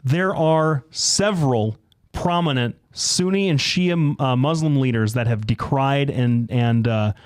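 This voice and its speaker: A man's voice: mid-range voice, unhurried, clean tone. An American man co-hosting a political talk show, reading sources aloud and arguing back, his voice rising when pressed. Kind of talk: heated political debate.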